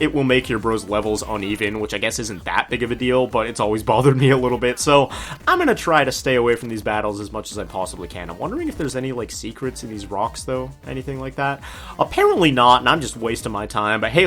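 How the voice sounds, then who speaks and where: A man's voice: mid-range voice, fairly bright tone. A man casually commenting on a video game as he plays, chatty and joking. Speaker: let's play host. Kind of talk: gameplay commentary.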